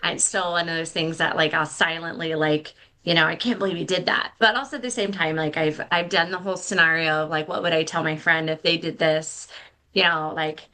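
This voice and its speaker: A woman's voice: low-pitched, fairly even intonation, a little fast, bright, forceful tone. A middle-aged woman telling a candid, self-deprecating story as a podcast guest, with many fillers and restarts. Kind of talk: casual storytelling.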